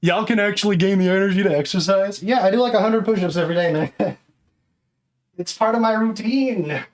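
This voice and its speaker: A man's voice: high-pitched, normal speed. A man streaming live, chatting casually and counting exercise reps aloud while out of breath.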